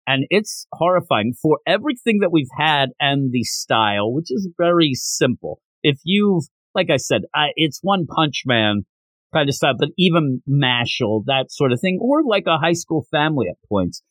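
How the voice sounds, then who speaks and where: A man's voice: a little high, a bit bright, dry recording. A man hosting a podcast, reviewing a manga in a casual chat and retelling scenes with lots of fillers.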